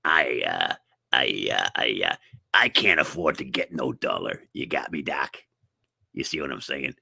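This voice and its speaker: A man putting on a low, gruff tough-guy voice talking back to a doctor. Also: very animated, a little slow, sharp tone, no echo, clean studio sound, exaggerated voice.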